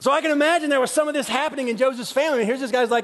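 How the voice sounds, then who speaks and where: A man's voice: very high voice, racing, fairly bright tone. A man, preaching a chatty storytelling sermon full of self-deprecating asides and restarts. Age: 40s. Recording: long reverb of a large hall.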